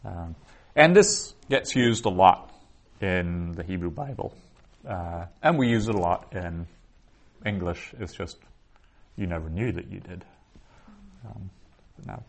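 A man teaching a Hebrew lesson, explaining slowly and thinking aloud with frequent restarts. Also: low-pitched, lively intonation, vocal fry. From the West. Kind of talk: lecture on Biblical Hebrew.

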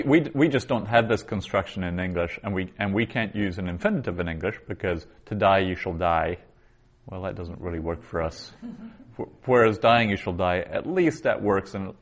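A man teaching a recorded Biblical Hebrew grammar lesson, explaining patiently and reading phrases aloud slowly. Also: fairly low pitch, animated.

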